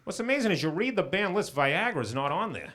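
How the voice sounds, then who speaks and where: A middle-aged man performing a stand-up comedy set, with a dry, punchline-driven delivery and quick asides to the crowd. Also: high voice, sing-song. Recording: loud background noise.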